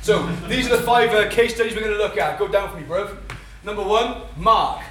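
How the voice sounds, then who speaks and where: A Welsh man teaching a church training session, talking fast and excitedly with many fillers and restarts. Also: sits high, slight background noise. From Wales. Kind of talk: teaching talk at a workshop. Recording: echoey room, mic at a distance.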